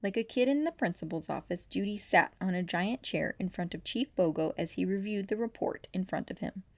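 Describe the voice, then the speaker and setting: A woman reading a children's novel aloud for storytime, with lively, expressive narration. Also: medium pitch, brisk. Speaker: storytime reader.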